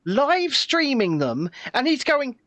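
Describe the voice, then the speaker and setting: A man co-hosting a casual live show, telling stories in an animated way and often repeating words as he goes. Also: very high-pitched, slow pace, no room sound. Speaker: co-host. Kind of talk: casual live-stream chat.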